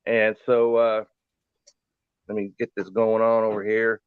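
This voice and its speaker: A man in a casual sports chat, talking through draft picks in a relaxed, rambling way. His voice is smooth and even, recorded dry with a slightly dull, muffled tone. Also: fairly low pitch, unhurried, dry recording. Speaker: fantasy football show host.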